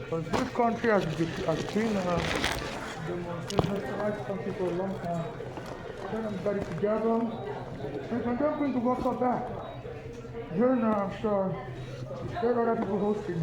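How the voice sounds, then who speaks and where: A woman's voice: medium pitch, normal speed, pauses often, noisy background. A woman from Nigeria, ranting in an agitated, repetitive, insistent way indoors in a public building, recorded on a handheld phone. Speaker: protester. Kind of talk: angry ranting monologue.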